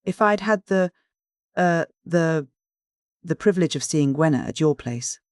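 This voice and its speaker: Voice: mid-range voice, lively intonation, no echo, studio quality, close to an everyday voice. A narrator playing a flustered young suitor. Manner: flustered, halting restarts.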